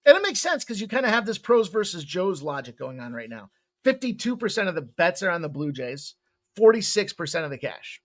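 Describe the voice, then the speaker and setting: Animated man talking betting picks. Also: high-pitched, brisk. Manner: rambling, joking, swears casually. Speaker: sports betting host. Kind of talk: casual betting picks talk.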